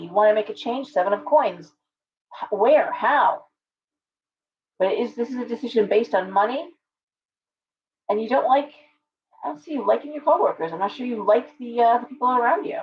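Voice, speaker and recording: A woman's voice: fairly high pitch, fairly quick, long pauses, slight background noise. A woman hosting a casual live-stream tarot reading. She talks it through aloud with chatty restarts and greets viewers by name. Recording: dull lo-fi stream audio.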